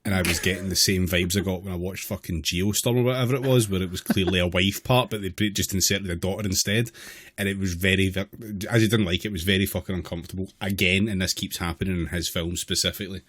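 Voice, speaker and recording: Very deep-voiced, blunt, sweary man. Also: fairly even intonation, fast, fairly bright tone, husky, dry recording. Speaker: podcast co-host. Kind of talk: casual film-review chat.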